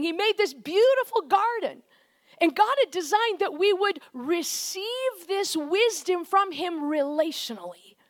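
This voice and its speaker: Woman, very high voice, conversational sermon, animated delivery. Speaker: preacher.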